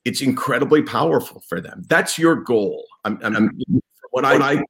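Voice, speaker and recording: A man's voice: medium pitch, lively intonation, normal speed, gravelly, fairly bright tone. A man interviewing a guest, speaking in an earnest, emphatic, explanatory way. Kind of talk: conversational interview.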